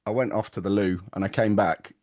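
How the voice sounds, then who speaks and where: A man's voice: fairly low pitch, steady tone, brisk, a little mellow. A man, chatting casually on a podcast in a rambling, stop-start way. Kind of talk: casual chat.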